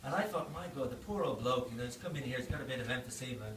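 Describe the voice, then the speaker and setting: A man's voice: medium pitch, animated, very fast. An Irish man in his fifties, a doctor, giving a birthday speech full of anecdotes and laughing through his punchlines. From Ireland. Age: 50s. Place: indoor party venue. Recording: echoey, distant, noisy party room.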